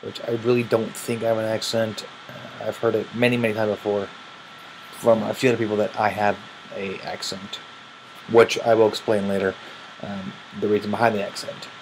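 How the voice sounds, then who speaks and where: A man's voice: fairly low pitch, little pitch movement, moderate pace, slight background noise, poor audio. A tired man from Illinois, raised in Missouri, with a Midwestern American accent, rambling casually as he answers questions and yawns between words.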